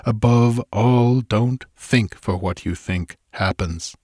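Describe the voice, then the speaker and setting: A man voicing a frightened adventurer who urges caution in hushed tones and breaks into frantic cries. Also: lowish voice, slow pace, breathy edge, no room sound, studio quality. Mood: urgent hushed. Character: frightened male adventurer, tense, whispering warnings.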